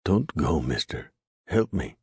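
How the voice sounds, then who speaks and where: A man's voice: a bass voice, sing-song, slow pace, husky, no room sound, exaggerated voice. A man voicing a badly wounded man who pleads weakly for help in an audiobook reading. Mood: pleading. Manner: pleading, broken.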